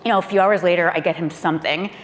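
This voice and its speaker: A woman, a former speechwriter, telling a lively anecdote on a panel, acting out quotes and laughing often. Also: fairly low pitch, rapid-fire. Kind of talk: lively anecdote told to a live audience. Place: auditorium panel event. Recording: long hall reverb, faint room noise.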